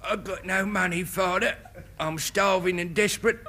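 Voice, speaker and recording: A man's voice: sits high, steady tone, moderate pace, bright, forceful tone. A man doing a bumbling, whiny stick-up man. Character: hapless desperate male gunman.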